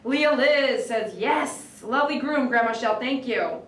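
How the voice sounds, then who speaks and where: A woman dog groomer chatting on a livestream, reading viewer comments and telling stories in an animated, excitable way that breaks into shouts. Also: a little high, a little slow, far from the mic. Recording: echoey room, voice away from the mic.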